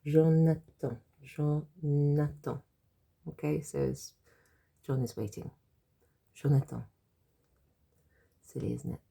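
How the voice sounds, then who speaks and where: A woman with a sore throat talks a class through French jokes, repeating each word with patient care. Her voice sits low and dark, rough with fry and a husky edge. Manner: patient, repeats and spells out words slowly. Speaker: French teacher. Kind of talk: explaining French jokes in a language lesson.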